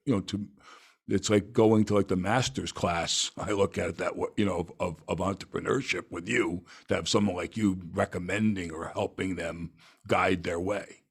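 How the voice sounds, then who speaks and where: Man, podcast host, low husky voice, rambling, casual storytelling. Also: steady tone, normal speed. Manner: rambling storyteller, many restarts and fillers. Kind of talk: casual interview chat.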